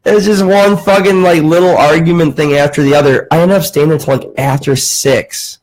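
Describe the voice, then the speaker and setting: A man's voice: medium pitch, fairly quick, rough recording. Casual young man telling a work story. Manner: animated, acts out quoted voices, swears casually. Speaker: podcast host.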